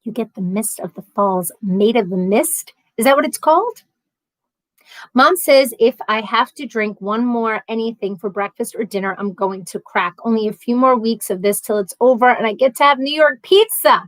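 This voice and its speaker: This woman's voice sits on the high side at a normal speed, captured in poor audio with no echo. Hosting a casual live stream, she chats and rambles, reading comments aloud and answering them. Her stories come out animated, punctuated by laughter.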